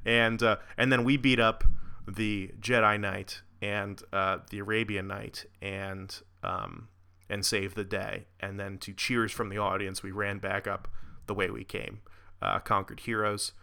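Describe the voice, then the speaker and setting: A man's voice: fairly low pitch, level tone, measured pace, gravelly, bright, forceful tone, smooth. A man hosting a podcast, telling a long rambling story with laughs, fillers and some swearing. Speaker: podcast host. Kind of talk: casual storytelling.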